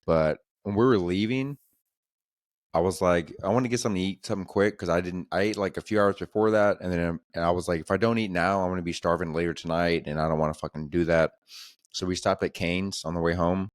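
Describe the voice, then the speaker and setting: Young guy podcast host, low voice, swears a lot, rambles through stories, dry close mic. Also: steady tone, no echo. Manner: swearing, rambling storyteller doing quick voices of people. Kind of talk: casual chat.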